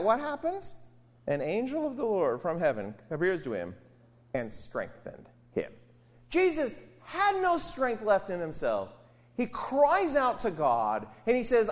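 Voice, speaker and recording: A woman's voice: on the high side, darkish tone. A woman preaching a sermon on a gospel passage, speaking expressively with rhetorical questions and emphatic asides.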